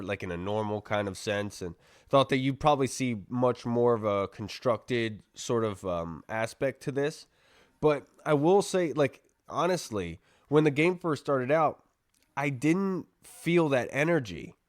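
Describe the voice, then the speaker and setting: A man's voice: mid-range voice, no echo, studio quality. A man hosting a casual sports podcast, rambling through game analysis and banter. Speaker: podcast host.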